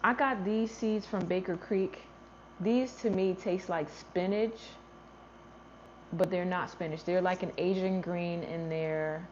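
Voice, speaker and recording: A woman's voice: on the low side, fairly even intonation, slow, a little mellow, a little hiss or hum. A woman hosting a gardening livestream in casual chat, answering viewer comments and thinking aloud as she goes. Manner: chatty, thinks aloud, trails off and restarts. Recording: slightly dull lo-fi livestream audio.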